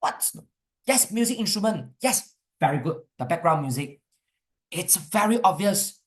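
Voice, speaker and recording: Animated Malaysian woman teaching history. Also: on the low side, normal speed. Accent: Malaysian English. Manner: animated, coaxing, mixes in Malay words. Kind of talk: online exam revision class.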